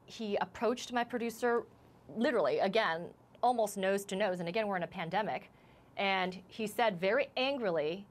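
A woman reporter in a live TV interview, shaken and emotional, speaking haltingly with many restarts. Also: medium pitch. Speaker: news reporter as guest.

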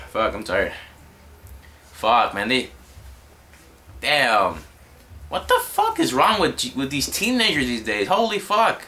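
A young man rants into the camera, exasperated and cursing at every turn. His voice is bright and forceful, and his pitch swings all over the place as he rambles. The talk is loose and unscripted. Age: young adult. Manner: exasperated, swears constantly, rambling. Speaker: vlogger. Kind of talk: profane ranting commentary.

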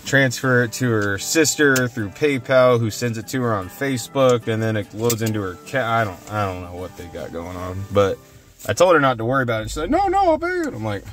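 With soft music in the background, a young man vlogs casually from outdoors and his car, rambling, cursing, and poking fun at himself. His voice is fairly low and a bit bright, and he talks a little fast.

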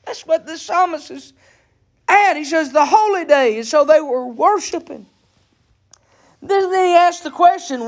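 A man preaching a sermon, stretching out scripture readings and rising to fervent shouts. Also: extremely high pitch, animated, unhurried.

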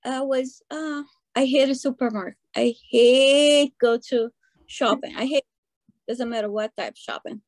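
Lively excitable woman. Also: high-pitched, measured pace, no echo. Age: middle-aged. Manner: excitable, animated storytelling with acted-out quotes. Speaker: coaching client. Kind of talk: casual interview chat.

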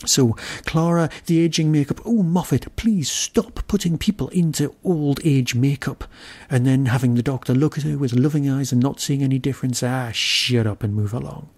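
Wry British podcast reviewer musing aloud. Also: male voice, mid-range voice, moderate pace, hardly any pauses, darkish tone. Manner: wry, musing, self-deprecating grumbling. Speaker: podcast host reviewing an episode. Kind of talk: solo review monologue.

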